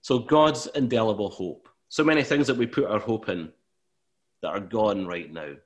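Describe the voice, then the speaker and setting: A man preaching a sermon in an earnest way, rising to emphatic, louder bursts when he gives voice to God. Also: fairly low pitch, moderate pace. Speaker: pastor.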